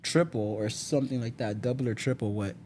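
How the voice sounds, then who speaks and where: A man's voice: medium pitch, fairly quick, a little hiss or hum. A young man from Miami, a podcast guest in casual chat, telling stories and laughing often. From Miami, United States. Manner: laughs often, animated storytelling.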